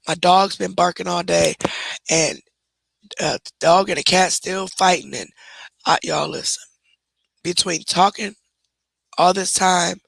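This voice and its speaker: A woman with a badly hoarse, gravelly voice, rough and husky as if almost gone, chats casually on her livestream. She talks directly to her viewers and moderators. The sound is close and dry, with no room echo. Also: lowish voice. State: hoarse, nearly lost voice. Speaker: livestream host.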